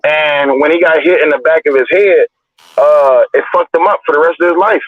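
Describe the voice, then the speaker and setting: A young adult man telling profane, animated stories in a casual chat as a livestream host. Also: a little high, normal speed, dry recording. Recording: dry, tinny phone-like audio.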